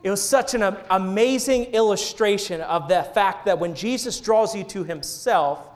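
A man's voice: sits high, moderate pace. A man in his thirties, a pastor preaching a sermon in church, telling a story and joking with the congregation. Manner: playful, jokes and laughs with the congregation. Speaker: senior associate pastor. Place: church sanctuary.

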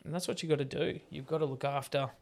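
A man, co-hosting a casual podcast chat and telling stories in a jokey, animated way. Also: a little high, fast talker, creaky. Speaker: podcast co-host.

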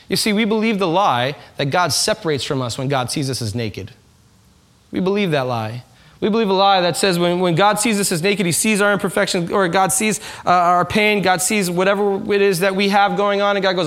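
A man's voice: high-pitched, moderate pace, fairly bright tone. A man preaching a conversational sermon to a congregation, asking them questions and acting out quoted voices. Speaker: pastor. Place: church in front of a congregation.

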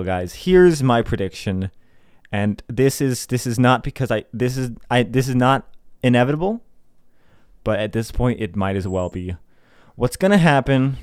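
With a mid-range, clear and resonant voice, a young man hosts a podcast and launches into an exasperated, casual monologue full of swearing and mockery of those he disagrees with. The studio-quality recording has no echo.

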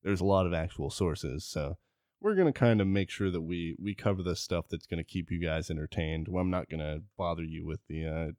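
Deep-voiced man in casual podcast chat. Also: a little fast, a little mellow, no echo, clean studio sound. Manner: rambling, joking, stumbles on names. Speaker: podcast host.

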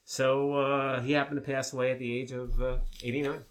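A man's voice: mid-range voice, brisk. Chatty male co-host telling stories. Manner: relaxed storytelling with many fillers. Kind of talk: casual conversational chat.

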